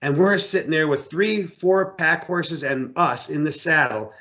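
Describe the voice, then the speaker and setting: A middle-aged American man, an outfitter and hunting guide, telling stories in a casual interview, animated and repeating words as he acts out voices. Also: on the high side, a little slow.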